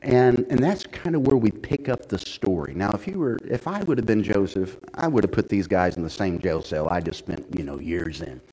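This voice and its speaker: A man preaching a sermon in church, folksy and conversational, building to loud, emphatic stretches. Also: lowish voice, lively intonation, moderate pace, few pauses, breathy edge, poor audio. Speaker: pastor.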